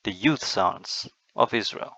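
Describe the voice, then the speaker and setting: A man's voice: lowish voice, lively intonation, slow, creaky, pushed and bright, no echo, low-quality recording. A man giving a methodical screen-recorded lecture, walking through slides step by step. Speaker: lecturer on Bible accents.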